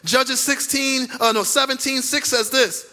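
A man's voice: extremely high pitch, steady tone, a little slow, bright, forceful tone. A male pastor preaching a sermon emphatically, repeating key lines and acting out quoted voices.

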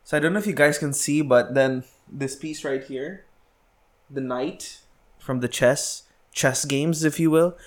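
A man's voice: fairly high pitch, unhurried. A young man from the Philippines, casually telling a story on a podcast and filling it with "like". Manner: chatty, lots of "like" and restarts.

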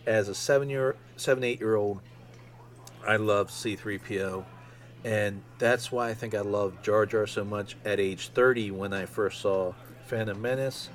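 A man around fifty hosting a solo podcast, rambling excitedly with lots of ums. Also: on the low side, a little slow. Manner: excitable, rambling fan talk with many ums. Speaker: podcast host. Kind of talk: casual solo podcast monologue.

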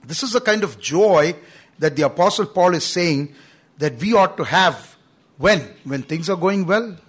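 A man's voice: high voice, lively intonation, measured pace, slightly rough. A man preaching a sermon, earnest and emphatic, with frequent "you know" fillers. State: coughing at times.

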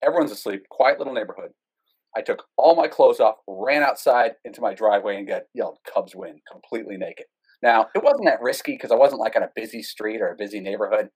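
Man, husky voice, interview guest, casual storytelling, animated, self-mocking. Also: lowish voice, quick pace, poor audio.

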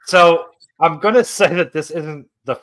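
A man's voice: a little high, a little slow, fairly bright tone. A young man co-hosting a podcast, telling a long rambling story in casual chat. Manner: rambling storyteller, acts out voices in his tales. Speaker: podcast co-host.

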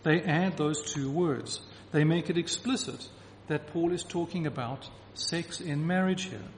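A man's voice: on the high side, a little slow, a little hiss or hum. A man preaching a sermon to a congregation, emphatic and repeating key phrases to drive his point home. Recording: reverberant hall with faint ambience.

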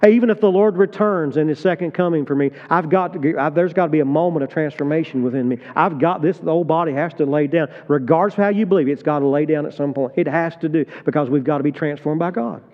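A male pastor preaching a sermon with passion, swinging from hushed tones to loud emphatic peaks. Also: a little high, fast talker, few pauses. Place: large church hall. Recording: dull sound, long hall reverb.

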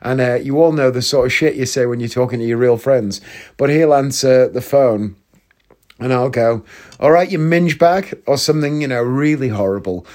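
A young podcast host with a medium-pitched, slightly mellow voice delivers a casual comedic monologue. He's chatty, swears freely, and jumps from one rambling comic anecdote to the next.

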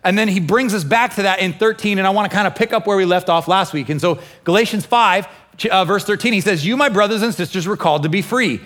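A pastor preaching a lively sermon, acting out inner voices and quoting scripture with feeling. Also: male voice, high voice, fast talker. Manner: animated, acts out inner voices and quotes. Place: church, also streamed online.

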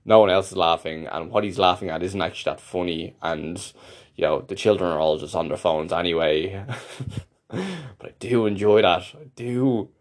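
A man with a very low voice talks through a casual, rambling monologue. He is wry and keeps circling back on himself as he goes. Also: normal speed. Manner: wry, meandering, self-interrupting. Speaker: monologue host.

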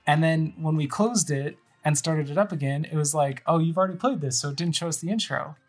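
A woman hosts an audio podcast and chats casually as she plays a video game, describing each scene aloud. Her voice is low and a little husky. Faint game music plays in the background. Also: brisk, a little mellow. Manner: chatty, narrates everything on screen. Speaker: podcast host. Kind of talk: casual chat while playing a video game.

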